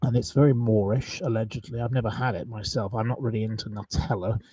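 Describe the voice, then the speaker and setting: A man's voice: on the low side, steady tone, fast talker, dark tone, far from the mic, a little hiss or hum, rough recording. A man hosting a live quiz, chatting casually, rambling and reeling off long lists of wrong answers. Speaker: quiz host on a live stream.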